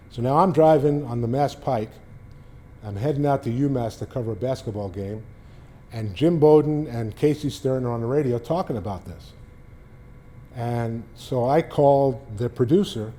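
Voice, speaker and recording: A middle-aged man from New York, a sportswriter, telling animated stories and jumping up in pitch when he quotes people. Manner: animated storyteller, raises pitch for quoted lines. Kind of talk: storytelling talk.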